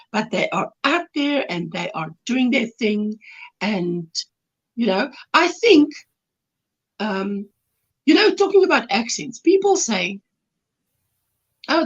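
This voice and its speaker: A woman with a South African accent chats as a guest in a casual video-call interview, laughing as she explains things. Her high voice has a breathy edge, and the audio sounds dull.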